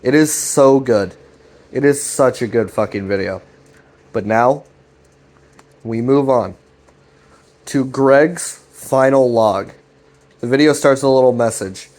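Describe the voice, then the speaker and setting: A man's voice: mid-range voice, slow, long pauses, a little mellow. A young man recapping a web series in a loose, rambling way, swearing often and restarting his sentences. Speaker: host.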